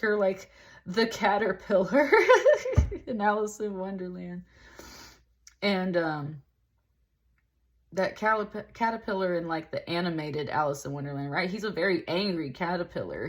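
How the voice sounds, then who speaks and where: A woman giving a casual tarot reading, rambling and talking loosely with lots of "like" and the odd laugh. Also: lowish voice. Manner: rambling, heavy use of "like", with laughs. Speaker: tarot reader.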